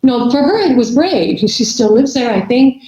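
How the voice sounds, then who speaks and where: A woman's voice: fairly high pitch, expressive, moderate pace, dark tone. A middle-aged woman, a podcast guest, chatting casually and rambling with many restarts. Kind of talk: casual conversation. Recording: echoey, dull remote audio.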